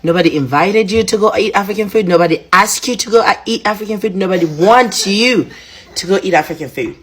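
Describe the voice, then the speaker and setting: A woman's voice: mid-range voice, fairly quick. A woman ranting defiantly at the camera, repeating her points emphatically. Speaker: reaction video maker.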